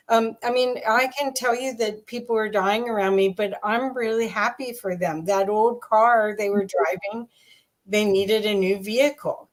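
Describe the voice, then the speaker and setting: Chatty woman hosting a podcast. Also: mid-range voice. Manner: hesitant, many fillers. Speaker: podcast host. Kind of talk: casual interview chat.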